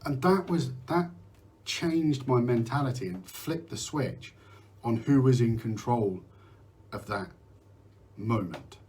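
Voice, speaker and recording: A man's voice: medium pitch, expressive, takes it slowly, pauses often, a little mellow. Candid rambling man on mental health. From United Kingdom. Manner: candid, rambling, swears, restarts and drifts off topic. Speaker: host. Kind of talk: casual live talk on mental health.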